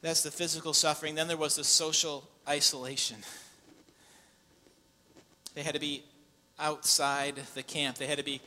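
Male pastor, sermon voice, high and bright, fervent build-ups, long hall reverb. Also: level tone, moderate pace, long pauses. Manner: builds to loud impassioned preaching. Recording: long echo in a large hall.

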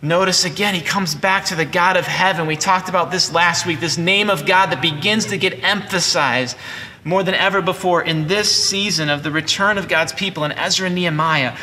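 A man's voice: high-pitched, fairly quick, sharp tone. A man in his forties preaching a sermon as pastor, earnest and conversational with frequent restarts. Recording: long hall reverb.

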